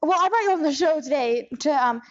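A woman with a high voice hosts a comic improv interview and presses her guest with probing, disbelieving questions. The audio is muffled and lo-fi. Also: animated, brisk. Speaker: interviewer host.

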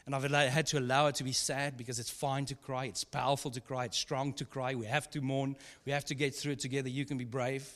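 A man's voice: mid-range voice, flat delivery, fast talker, few pauses, fairly bright tone. A man preaching a sermon as pastor, in a chatty, humorous storytelling way with frequent asides. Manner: conversational, humorous storytelling with laughs. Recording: long hall reverb.

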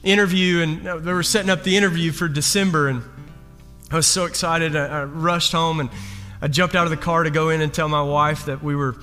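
A man preaching as a pastor, telling a personal story in an animated, self-deprecating way. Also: on the high side, fairly quick. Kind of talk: storytelling sermon. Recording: long hall reverb with faint guitar.

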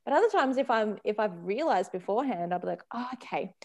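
A woman in her thirties talks as a parenting consultant on a podcast. Her delivery is casual and animated, broken up by easy laughter and restarts. She often acts out small quoted voices to make her point. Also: mid-range voice, fast talker. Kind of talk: casual conversational chat.

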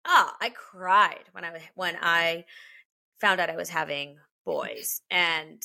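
A woman's voice: on the low side, slow, gravelly, bright, forceful tone. A woman in her thirties, a podcast co-host, chatting candidly and emotionally and swearing freely. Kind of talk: casual chat.

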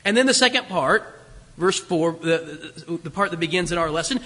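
A man with a high, bright voice preaching a sermon. He talks emphatically, repeating phrases for stress and slowing down to read scripture. His voice rings through a long hall reverb. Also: animated.

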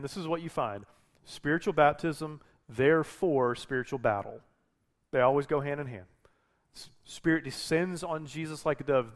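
A man preaching a sermon as a pastor, talking in a conversational way with frequent restarts and self-corrections. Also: mid-range voice.

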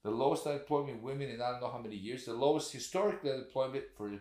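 A man's voice: mid-range voice, rapid-fire, a little mellow, echoey room. A man co-hosting a podcast, arguing in a casual, profane way and firing off rhetorical questions. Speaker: podcast co-host. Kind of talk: casual political chat.

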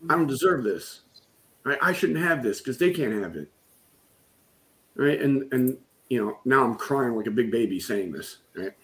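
A middle-aged business coach, appearing as a guest in a conversation, candidly shares a painful personal story and keeps checking in with "right?". His ordinary-pitched, fairly bright voice has lively intonation and a moderate pace, and his delivery is conversational and open.

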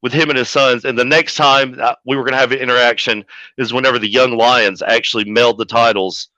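A man who manages pro wrestlers, telling a story as a podcast guest in a profane, animated way. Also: mid-range voice, fast talker, no echo. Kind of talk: casual storytelling. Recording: dull lo-fi audio.

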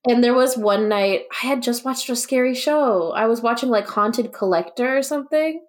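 A young woman co-hosts a podcast, telling stories in a casual chat at normal speed with a voice on the high side. She's sarcastic and says "like" a lot.

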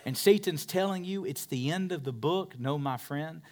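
A man preaching a sermon as pastor of a church, dropping to whispers and rising to loud peaks. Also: a little high, moderate pace. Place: church in a converted warehouse.

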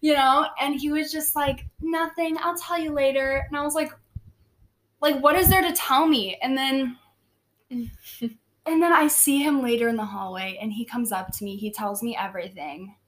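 A teenage girl telling a story in casual chat, talking quickly with lots of "like" and acting out the quoted lines. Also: high voice, fairly even intonation, a bit bright. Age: teens. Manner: chatty, heavy use of "like", acts out quoted lines.

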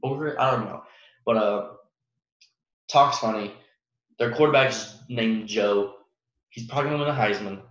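With long pauses and a moderate pace, a young man in a mid-range, fairly bright voice hosts a casual solo sports podcast. He rambles with many fillers and restarts, laughing at his own jokes, in a roomy, muffled home recording.

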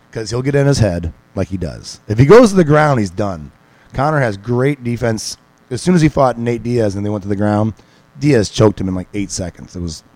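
A man's voice: fairly low pitch, darkish tone, no room sound, poor audio. A man guest on a sports podcast, talking mixed martial arts in a rambling, casual way with many restarts and fillers. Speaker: podcast guest, MMA pundit.

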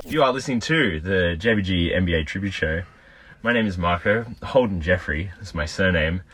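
Aussie guy hosting a pod, low husky stuffy voice, joking around, phone recording in a tiny capsule. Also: expressive, moderate pace, a bit bright, soft background music. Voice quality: stuffy, congested. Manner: laid-back, joking. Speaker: podcast host. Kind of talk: casual chat. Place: small sleeping capsule in a hostel.

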